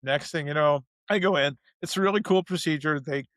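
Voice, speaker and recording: A man guest in an interview, telling a personal story in an animated way, speeding up and slowing down as he goes. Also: fairly high pitch, no echo. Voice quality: gravelly.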